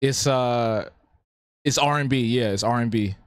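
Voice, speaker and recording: A man's voice: mid-range voice, measured pace, no room sound, studio quality. A man hosting a live drawing stream, chatting playfully and answering viewers. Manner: playful, talks back to the chat, repeats himself. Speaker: streamer and artist. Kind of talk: casual live-stream chat.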